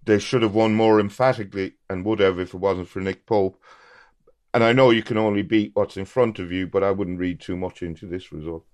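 A man gives measured, matter-of-fact verdicts on football matches. His voice sits fairly low. The sound is dry and close. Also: steady tone, darkish tone, dry recording. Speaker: football pundit. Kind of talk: casual football chat.

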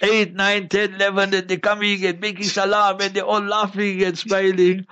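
A man's voice: high voice, flat delivery, moderate pace, pushed and bright, clean tone. A man, a mufti answering listener questions on a religious call-in show, preaching with jokes and repeating his points. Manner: preachy, joking, keeps repeating "you must remember". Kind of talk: religious Q&A broadcast.

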